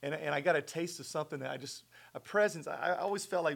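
A middle-aged man telling a personal faith story as a guest in conversation, earnest and animated. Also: on the high side, a little fast, gravelly. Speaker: guest sharing his testimony.

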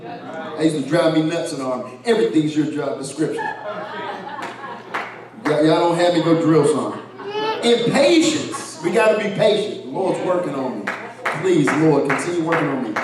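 A man, preaching a lively sermon, shouting and laughing with the congregation. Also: on the high side, brisk, far from the mic, crowd noise. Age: 50s. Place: church sanctuary. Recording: very echoey church hall, voice from afar.

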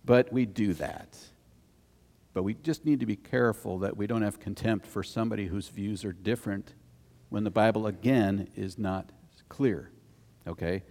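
A man's voice: fairly low pitch, normal speed, a little mellow. A man, the pastor, preaching a conversational sermon that tells stories and rises into emphatic scripture reading. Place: church sanctuary. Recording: long reverb of a church hall.

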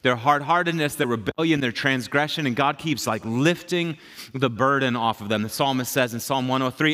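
A man's voice: mid-range voice, normal speed, sharp tone. A middle-aged man, a pastor, preaching a sermon in a conversational, emphatic way, repeating his key phrases.

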